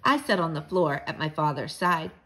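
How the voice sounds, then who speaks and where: A woman's voice: sits low, moderate pace, low-quality recording. A woman who teaches fourth grade, reading a children's book aloud to her class from home. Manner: warm teacherly read-aloud, lively. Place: at home, living room.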